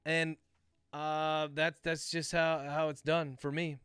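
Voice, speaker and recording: A man dictating his own novel aloud on a livestream, calling out each comma and period as he goes. His voice sits somewhat high and sounds crisp and smooth. The room is dry and close. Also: takes it slowly, no echo. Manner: dictates prose aloud, speaking punctuation marks; relaxed, chatty asides to viewers. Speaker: author.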